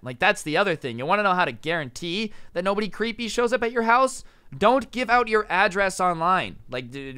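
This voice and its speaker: A young man telling a story in a casual vlog, rapid and animated, full of "like" and "you know". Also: a little high, clean tone, no room sound. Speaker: storytime vlogger.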